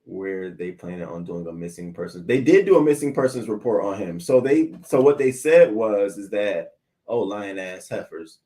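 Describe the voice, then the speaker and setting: Lowish-voiced man hosting a casual show. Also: moderate pace. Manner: animated, swearing, talks back to viewer comments. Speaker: host of a morning news show. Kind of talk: casual livestream news commentary. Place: at home, in a swivel chair.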